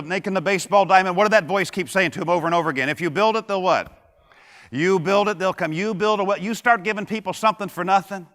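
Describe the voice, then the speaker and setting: High, bright-voiced man giving a keynote. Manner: punchy, joking, fires rhetorical questions at the audience. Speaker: keynote speaker. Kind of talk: motivational keynote speech. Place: large conference hall with audience. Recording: long hall reverb.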